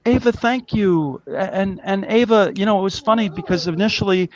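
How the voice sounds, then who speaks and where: A man's voice: sits high, fairly quick, a little mellow, highs cut off. A man hosting a live web show, talking in a rambling, agitated way and swearing often. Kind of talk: casual live-stream chat.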